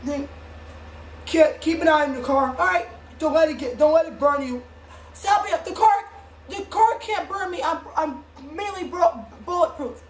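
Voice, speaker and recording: A woman improvising a toy play, voicing several characters and switching voices, with bursts of shouting. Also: high voice, moderate pace. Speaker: home video creator. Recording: echoey room with faint background noise.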